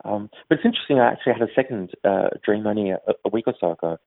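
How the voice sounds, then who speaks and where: A man answering interview questions in a thoughtful, hesitant way, with many pauses and fillers. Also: on the low side, creaky, no echo. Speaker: grief organization head, interview guest. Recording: tinny phone-like line, dry.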